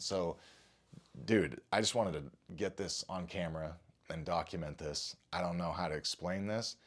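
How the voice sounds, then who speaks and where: Shaken deep-voiced man recounting a scare. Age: adult father. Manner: rattled, stammering, restarts and swears. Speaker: podcaster recounting an experience. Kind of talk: shaken first-person account to camera.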